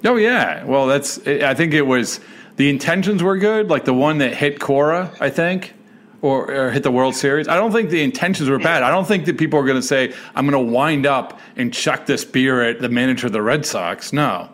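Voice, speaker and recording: A man's voice: medium pitch, moderate pace, a bit bright. A man hosting an interview show, asking questions in a loose, chatty way and laughing easily. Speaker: podcast host. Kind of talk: casual interview conversation.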